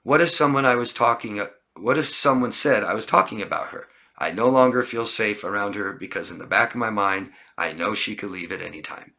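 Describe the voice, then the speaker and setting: A man's voice: on the low side, a little fast, few pauses, bright, forceful tone. A man coaching on a live stream who reads out viewer comments and answers them emphatically, often tagging lines with "okay?". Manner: emphatic, repeats lists of words and asks "okay?". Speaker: relationship coach.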